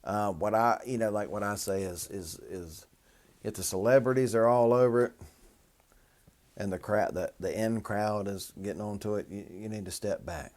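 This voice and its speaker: A man's voice: lowish voice, moderate pace, darkish tone. A man, a minister hosting a show, commenting on a news article in a wry, chatty, sardonic way.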